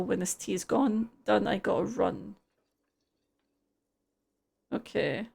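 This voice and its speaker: A woman's voice: medium pitch, normal speed, creaky, long pauses, a little mellow, husky. A woman streamer reading video game dialogue aloud, with dry, wry asides.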